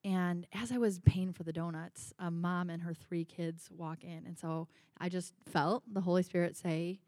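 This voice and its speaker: A woman's voice: on the low side, fairly even intonation, moderate pace, hardly any pauses, darkish tone, no echo, studio quality. A woman sharing personal stories in church, in a chatty way with many fillers. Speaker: pastor's wife sharing stories. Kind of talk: personal testimony.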